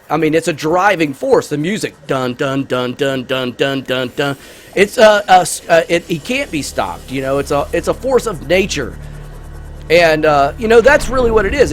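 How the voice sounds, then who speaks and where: Excitable rambling man narrating gameplay. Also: on the high side. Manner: rambling, excitable, many fillers. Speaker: gaming YouTuber. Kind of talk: casual gameplay commentary with movie review.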